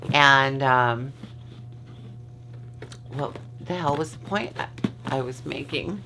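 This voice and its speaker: A woman's voice: rumbling low, slow, vocal fry, pauses often, sharp tone, a little hiss or hum. A woman vlogger chatting casually from her bed at home, rambling, losing her train of thought and swearing freely. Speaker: vlogger host. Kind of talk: casual chat.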